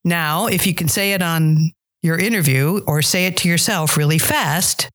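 A woman's voice: fairly low pitch, normal speed, fairly bright tone. A middle-aged woman who coaches dialects and directs theater, chatting in an interview and telling stories with restarts. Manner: chatty storyteller, trails off and restarts. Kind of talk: casual interview conversation.

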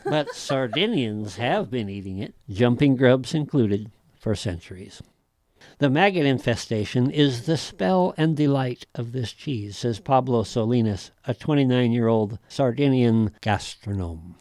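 A man's voice: medium pitch, expressive, a little slow, a little mellow, dry recording. A man hosting a casual chat, reading notes aloud with wry asides and frequent laughs. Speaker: host.

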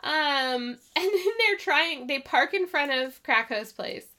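A woman's voice: high-pitched, slow pace, a little hiss or hum. A woman co-hosting a podcast, retelling an episode in casual chat with lots of laughs. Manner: laughing, animated retelling with quoted voices. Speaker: podcast co-host.

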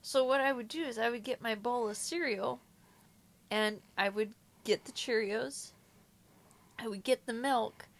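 A woman chatting casually as a podcast co-host, self-mocking and quick with asides. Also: fairly high pitch, fairly bright tone. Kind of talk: casual chat.

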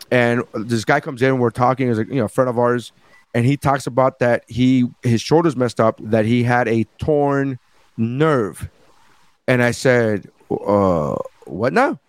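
A man's voice: mid-range voice, no echo. A man co-hosting a comedy podcast, telling a story in casual chat and acting out what people said. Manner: animated storytelling with acted-out quotes. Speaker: podcast co-host; comedian and parent.

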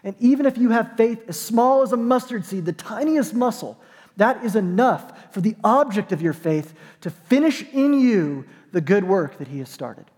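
A man's voice: sits high, expressive, normal speed, a little mellow, long reverb tail. A man preaching a sermon as pastor, conversational and emphatic, with dry self-deprecating jokes.

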